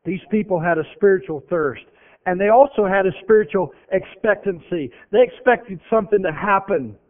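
A man's voice: high voice, moderate pace. A man preaching a sermon, earnest and emphatic, often repeating phrases for effect. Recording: tinny phone-like radio broadcast.

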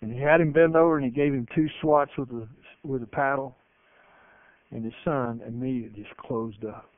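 A man's voice: mid-range voice, moderate pace, smooth, dry recording. Emphatic preacher man, tinny dry sound. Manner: emphatic, with animated storytelling. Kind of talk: sermon. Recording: narrow phone-like broadcast sound, dry.

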